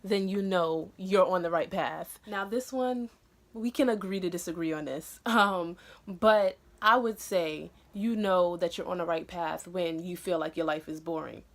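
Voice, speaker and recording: A woman's voice: on the low side, measured pace. A young woman talking straight to her viewers in a casual motivational vlog, earnest and encouraging, with lots of "um" and "you know" fillers. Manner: animated and excitable in bursts. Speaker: vlogger.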